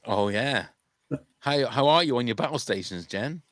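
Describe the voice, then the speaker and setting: A man's voice: medium pitch, expressive, moderate pace, a bit bright, no echo. A man hosting a charity podcast livestream in casual, jokey chat, often tripping over his words. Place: home room during a livestream.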